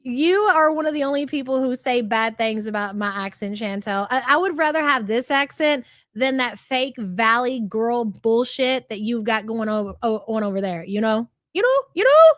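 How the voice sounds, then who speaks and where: A woman in her thirties with a light country twang hosts a livestream. She reads out viewer chats in a high, brash, sarcastic and profane way. Her voice sounds dry and close, with no room around it. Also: normal speed, few pauses, fairly bright tone, no echo. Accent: light American country twang. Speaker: livestream host.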